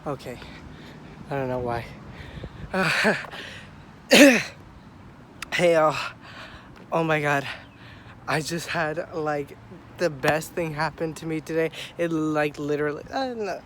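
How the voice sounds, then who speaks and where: A young man with a stuffy nose, out of breath, rambling excitedly and swearing as he vlogs on a phone while walking outside. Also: fairly high pitch. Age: young adult. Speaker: vlogger. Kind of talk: casual walking vlog. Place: outdoors on a city street. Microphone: phone held at arm's length. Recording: faint outdoor traffic noise. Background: faint street and traffic sounds.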